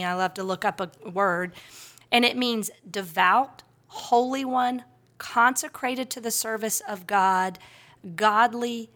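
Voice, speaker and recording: A woman's voice: mid-range voice, fairly bright tone. A woman co-hosting a casual faith podcast, talking in an earnest, reflective way. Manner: earnest, reflective, quick bursts of laughter. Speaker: podcast co-host.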